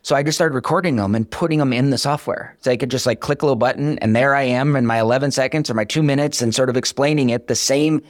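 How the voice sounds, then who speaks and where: A man's voice: mid-range voice, fast talker, few pauses, no room sound, clean studio sound. A man being interviewed as a startup founder, telling his story candidly and with energy, acting out the conversations he recounts. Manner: energetic, candid, self-deprecating, acts out quoted dialogue. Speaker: startup founder, podcast guest.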